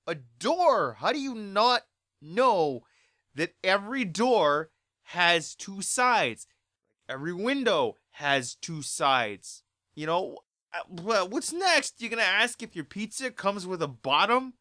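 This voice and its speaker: A vlogger telling a story as an exasperated rant, repeating points and bursting into loud outbursts. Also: mid-range voice, no room sound, clean studio sound.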